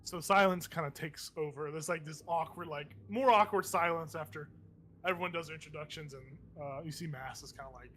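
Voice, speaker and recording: A man's voice: a little high, fairly quick, a bit bright, slight background noise. A man narrating a tabletop game as game master, rambling with many fillers.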